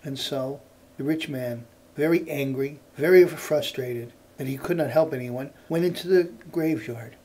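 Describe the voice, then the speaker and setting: A male storyteller telling a folk tale in an unhurried cadence that repeats phrases for effect. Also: medium pitch, darkish tone.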